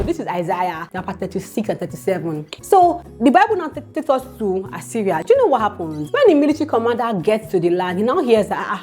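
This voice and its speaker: A woman with a Nigerian accent telling a Bible story in a chatty, animated vlog style, often checking in with the viewer. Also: mid-range voice. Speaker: YouTube storyteller.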